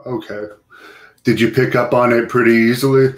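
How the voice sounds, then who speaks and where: A man's voice: mid-range voice, fairly even intonation, moderate pace. Man asking direct interview questions. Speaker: interviewer, show host.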